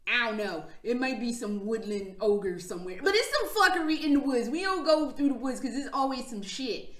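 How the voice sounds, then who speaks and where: A woman's voice: fairly high pitch, expressive, a little fast, a bit bright. A woman vlogging, retelling stories in a casual, profane, slang-heavy way with frequent laughs. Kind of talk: casual storytelling vlog. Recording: echoey room.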